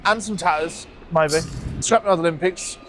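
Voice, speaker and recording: A man with a nasal, croaky voice that sounds like he has a cold, hosting a scrapyard vlog in quick, jokey casual chat outdoors. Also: a little high, noisy background. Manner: fast-talking, jokey. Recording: music playing under the voice.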